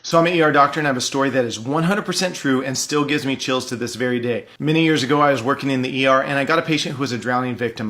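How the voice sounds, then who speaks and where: A man recounts a case from his work as an emergency room doctor. He speaks quickly and keeps a matter-of-fact, even tone throughout. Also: mid-range voice. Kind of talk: first-person story narration.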